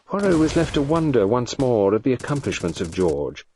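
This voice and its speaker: A man reading a novel aloud in measured, dry storytelling narration. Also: mid-range voice, very animated, a little mellow, slight background noise. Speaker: audiobook narrator. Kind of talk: scripted narration.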